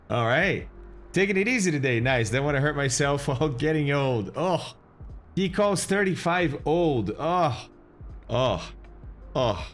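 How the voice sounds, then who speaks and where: A man's voice: mid-range voice, sing-song, unhurried. A man streaming a flight simulator in casual live chat, greeting viewers and explaining as he goes.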